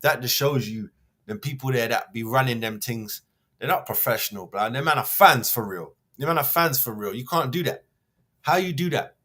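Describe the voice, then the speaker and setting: A man's voice: mid-range voice, normal speed, bright, forceful tone, husky. A man hosts a show, reading a news piece aloud and then ranting in a heated, slangy, mocking way. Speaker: host.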